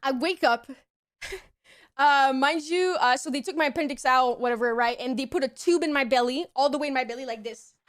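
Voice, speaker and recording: A young woman streamer casually telling a story to her chat, acting out the quoted lines in squeaky high voices. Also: fairly quick.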